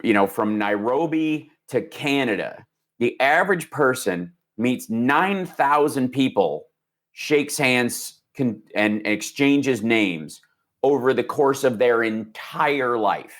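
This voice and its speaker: A man in his forties from Indiana, USA, appears as a podcast guest and tells stories with plenty of energy, acting out the voices he quotes. His mid-range voice is animated and fairly bright, and he speaks slowly.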